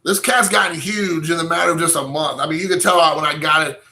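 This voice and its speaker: A bright, slightly high male voice that rambles through a casual vlog, talking straight to his viewers from home. He jokes at his own expense and hops loosely from one thought to the next. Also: fairly even intonation, quick pace. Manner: rambling, self-mocking, chatty with viewers. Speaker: channel host.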